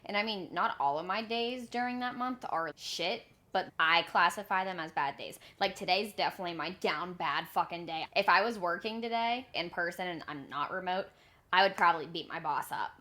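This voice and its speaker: A woman's voice: lowish voice, moderate pace, pushed and bright. A woman in her twenties co-hosting a podcast, chatting casually in a blunt, self-mocking way with plenty of swearing. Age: 20s. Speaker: podcast co-host. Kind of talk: casual chat. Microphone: remote call.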